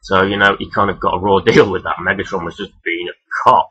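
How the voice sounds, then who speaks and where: Deep, husky man in casual rambling talk. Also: fairly even intonation, fast talker, bright, forceful tone, muffled recording. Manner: rambling, profane, many fillers. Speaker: vlogger ranking toy robot characters. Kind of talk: casual unscripted countdown talk.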